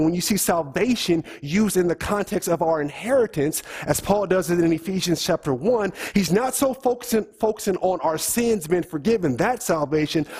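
A man's voice: high-pitched, a little mellow, husky. A middle-aged man preaching a teaching sermon in a church, asking the congregation questions as he goes. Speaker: pastor.

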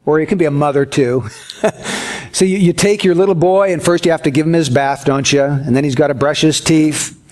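A pastor delivers a sermon to his congregation, earnest and folksy, spinning a homespun story with gentle humor. His voice sits on the high side and moves at a brisk clip.

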